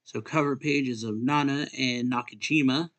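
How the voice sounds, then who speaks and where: A young man streaming himself reading a comic chapter aloud, loose and casual. He fills pauses and corrects himself as he goes, at a middle pitch. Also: steady tone, fairly bright tone. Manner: casual, with fillers and self-corrections. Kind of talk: live-stream reading and reaction.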